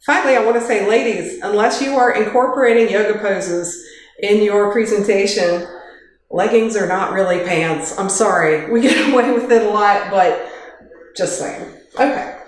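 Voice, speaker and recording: A woman's voice: mid-range voice, normal speed. A woman giving an informal workplace training talk in a kitchen, chatty and practical, with light joking asides, speaking into a handheld microphone. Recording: very echoey kitchen.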